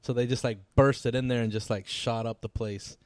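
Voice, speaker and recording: A young man in casual chat among friends, retelling scenes with lots of animated quoting. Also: medium pitch, normal speed, no echo. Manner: animated retelling, acts out quotes.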